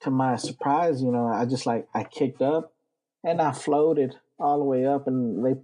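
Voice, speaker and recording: Guest spot: mellow, husky Texas-raised man, rambling profane storyteller. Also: medium pitch, moderate pace, low-quality recording. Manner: rambling, profane, lots of fillers. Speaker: interview guest, Navy veteran. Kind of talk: casual storytelling.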